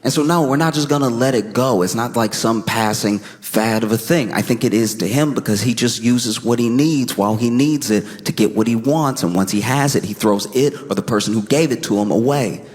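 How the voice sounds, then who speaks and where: Animated, laughing male comedian. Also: mid-range voice, a little fast, hardly any pauses. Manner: animated, laughing, exaggerated storytelling. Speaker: stand-up comedian. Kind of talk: stand-up comedy.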